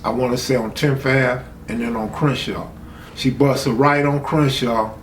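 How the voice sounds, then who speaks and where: Hosting a stream, a man tells a true story in casual, profane street talk, raising his voice whenever he quotes people. His voice is medium in pitch with fairly even intonation at a normal speed, recorded in an echoey room with a faint hum in the background.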